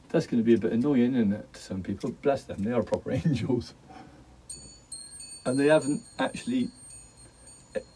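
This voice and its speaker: A middle-aged man rambles through a casual vlog, joking and laughing as he drifts between topics. His voice is mellow and slightly husky. He sits a bit back from the microphone. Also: lowish voice, far from the mic, rough recording. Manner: jokey, laughs often, wanders off topic. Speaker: vlogger.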